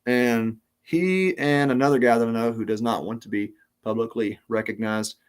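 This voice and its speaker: A man's voice: mid-range voice, steady tone, normal speed, smooth. Rambling man telling a podcast story. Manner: rambling, many ums and restarts. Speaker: podcast host. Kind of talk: casual storytelling.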